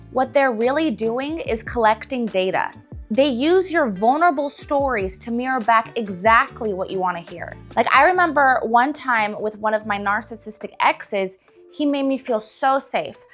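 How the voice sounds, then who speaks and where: A woman's voice: on the high side, moderate pace, faint music behind. A young woman casually telling stories to camera and acting out the voices of people in them. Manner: animated, acts out quoted voices. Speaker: relationship advice vlogger.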